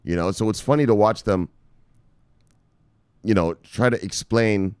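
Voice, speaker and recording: A man's voice: on the low side, unhurried, a little mellow, smooth, no echo, clean studio sound. A man hosting crypto news, ranting with casual profanity and lots of fillers. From United States.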